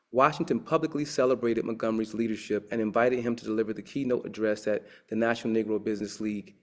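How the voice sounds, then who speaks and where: A man leading an online history class, reading and lecturing, with emphatic preacherly rises. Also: mid-range voice. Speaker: class leader.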